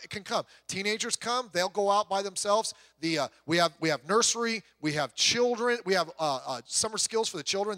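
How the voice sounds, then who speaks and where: High, bright-voiced animated male preacher. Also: no echo. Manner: animated storyteller, acts out voices, rising to loud exclamations. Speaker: pastor. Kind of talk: conversational sermon with humor.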